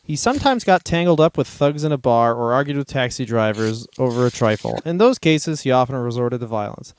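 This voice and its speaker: A man's voice: mid-range voice, animated, brisk, slight background noise. A man co-hosting a comedy podcast, telling stories in casual chat and laughing often. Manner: storytelling, reads out history passages, laughs often.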